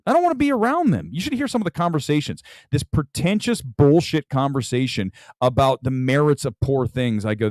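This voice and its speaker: A man's voice: mid-range voice, very animated, a little fast, hardly any pauses, darkish tone, dry recording, clean studio sound. A man hosting a casual livestream as a movie critic, ranting bluntly and combatively, often repeating himself for emphasis.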